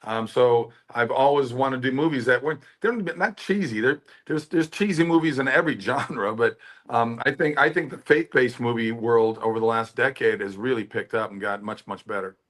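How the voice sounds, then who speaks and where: A man's voice: mid-range voice, moderate pace. A middle-aged American man telling stories in a candid interview and acting out the dialogue in them. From United States. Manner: animated storytelling, often acting out quoted dialogue. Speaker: actor and producer, interview guest.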